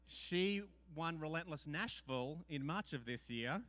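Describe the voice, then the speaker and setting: A man's voice: on the high side, animated, a little slow, fairly bright tone, dry recording. A man hosting an event, making loose, chatty announcements from the stage. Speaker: event host.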